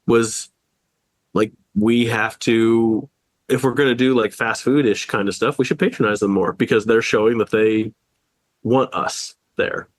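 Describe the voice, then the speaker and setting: A man's voice: lowish voice, steady tone, measured pace, no echo. A man under the weather co-hosting a casual podcast, rambling through anecdotes, acting out quotes and laughing often. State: sick, just woke up. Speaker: podcast co-host. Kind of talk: casual chat.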